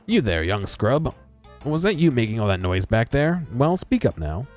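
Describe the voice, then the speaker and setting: A man's voice: medium pitch, very animated, moderate pace, a little mellow, soft background music, lightly acted. A man voicing a haughty, rude young princess who talks in a snooty, dismissive way.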